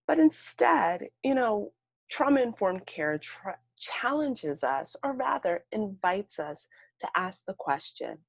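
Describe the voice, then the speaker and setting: A woman's voice: medium pitch, very animated, slow, creaky, no room sound. A woman giving a webinar presentation as a clinician, talking in a conversational, storytelling way with frequent fillers. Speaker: presenter, mental health clinician.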